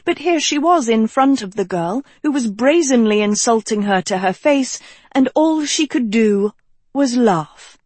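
A woman reading a novel aloud as its narrator, in a measured storytelling manner. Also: on the high side, lively intonation, darkish tone, dry recording. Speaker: audiobook narrator. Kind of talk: scripted narration.

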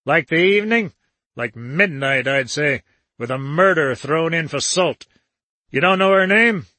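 A man's voice: a little high, expressive, a little slow, pushed and bright, dry recording, full character voice. A man voicing an irritable, dyspeptic little older man who snaps out indignant questions.

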